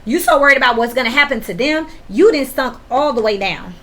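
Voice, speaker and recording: A woman's voice: sits high, animated, a little fast, fairly bright tone. A woman giving a casual tarot reading, talking straight to the viewer in a blunt, slangy, profane way that gets worked up, with sudden laughs. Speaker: tarot reader.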